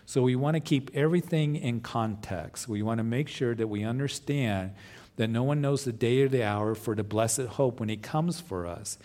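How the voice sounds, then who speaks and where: A man's voice: mid-range voice, moderate pace, a little mellow. A male pastor preaching a conversational sermon, often asking rhetorical questions.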